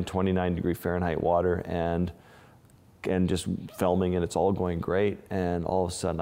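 Deep-voiced man recounting dive dangers. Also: darkish tone, in a large hall. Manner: halting, restarts often, vivid retelling. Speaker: underwater photographer. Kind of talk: storytelling interview.

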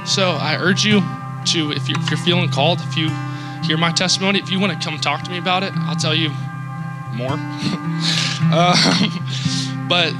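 A man shares his church testimony close to tears, his speech halting and full of fillers. His voice sits somewhat high, and loud plucked guitar plays right behind him throughout. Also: fairly even intonation, rough recording. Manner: emotional, halting, with many fillers. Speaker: church member giving testimony. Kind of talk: personal testimony. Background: loud guitar music.

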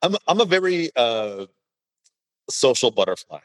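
A man chats as a podcast guest, rambling and leaning on filler words and curses. His voice is mid-pitched and the sound is dry and close. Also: very animated, measured pace, no echo, low-quality recording. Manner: rambling, lots of "like" fillers, swears. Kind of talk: casual chat.

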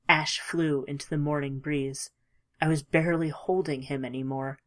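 A woman reading a first-person story aloud in a measured, emotive way, dropping at times to a hush. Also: deep voice, steady tone. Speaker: audiobook narrator. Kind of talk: scripted audiobook narration.

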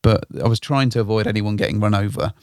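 Brief: male podcast co-host, lowish voice, dry close sound, loose rambling anecdotes. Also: fairly even intonation, quick pace, darkish tone, clear, resonant tone, no echo. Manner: rambling storyteller, hedges with "sort of". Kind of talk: casual chat.

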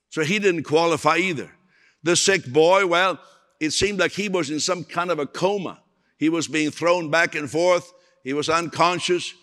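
A man's voice: on the high side, fairly bright tone. A male preacher delivering a sermon, telling stories and acting out the voices of people in them. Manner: storytelling, acts out quoted voices. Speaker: evangelist preacher. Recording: long hall reverb.

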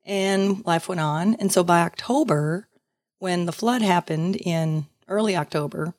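A woman guest in a casual interview, telling her story in a lively way, acting out other voices and laughing often. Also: fairly low pitch, measured pace, no echo, clean studio sound.

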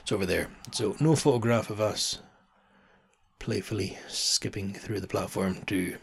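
Gravelly man in his thirties, chatty. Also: on the low side, measured pace. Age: 30s. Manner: chatty and rambling, laughs often, swears casually. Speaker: podcast host. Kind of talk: casual storytelling monologue.

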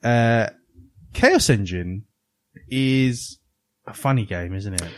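A man co-hosting a casual retro gaming podcast, reading a game's plot aloud with jokey asides. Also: slow pace. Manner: animated, jokey, sudden jumps in pitch. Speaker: podcast co-host.

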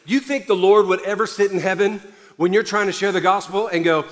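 A man preaching a sermon as pastor, animated and storytelling, with playful asides to the congregation. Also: high-pitched, brisk, big-room sound.

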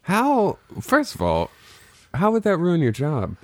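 A man's voice: on the high side, huge pitch swings, slow, no echo. A man hosting a podcast in casual, joking chat, rambling with lots of fillers. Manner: playful, rambling with many fillers. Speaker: podcast host.

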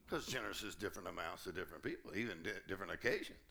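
A man preaching to a church conference crowd in a low, gravelly voice with a tense, bright edge. He keeps it humorous and lively, slipping into little acted-out exchanges as he goes. The delivery is full sermon style, built to carry a room. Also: rapid-fire, hardly any pauses. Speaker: pastor.

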